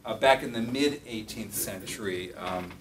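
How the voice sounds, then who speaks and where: A man's voice: fairly low pitch, moderate pace, slight background noise. A middle-aged man, a music professor, giving a classroom lecture in a thoughtful way, with many fillers and self-corrections. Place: classroom with piano. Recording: roomy distant classroom recording with piano.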